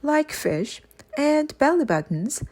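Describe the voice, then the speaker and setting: Haughty queen, put on by a woman reader, imperious, bossy, high-pitched, storybook. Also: sing-song, slow, darkish tone, full character voice. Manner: imperious, snappish. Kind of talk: audiobook character voice.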